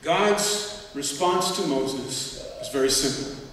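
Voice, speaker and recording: A man preaching a sermon as a church elder, speaking slowly and deliberately with emphatic repetition. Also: fairly high pitch, a bit bright, slight background noise. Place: large church hall. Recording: echoey hall, distant mic.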